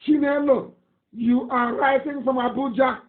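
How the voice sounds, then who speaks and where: A man's voice: very high voice, steady tone, a little slow. A man with a Nigerian accent giving a live radio broadcast, reading listener messages in an emphatic, indignant, repetitive way. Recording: tinny phone-like audio, echoey room.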